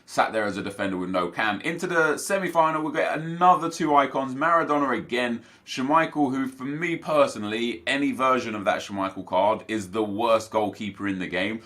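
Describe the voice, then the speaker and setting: Bright-voiced young gaming commentator. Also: male voice, mid-range voice, fairly quick, hardly any pauses. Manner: chatty, upbeat, recapping matches to viewers. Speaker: gaming YouTuber. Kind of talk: casual gameplay commentary.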